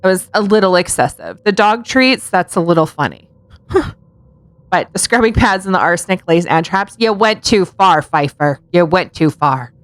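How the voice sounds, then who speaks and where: A woman's voice: fairly low pitch, lively intonation, normal speed. A woman co-hosting a casual podcast, telling true-crime stories with sarcastic asides and frequent giggles. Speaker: podcast co-host.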